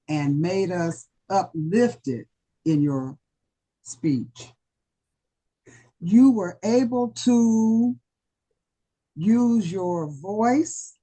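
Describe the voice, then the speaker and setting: A woman giving a slow, deliberate evaluation of a speech at a club meeting, full of warm praise. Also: lowish voice, breathy edge.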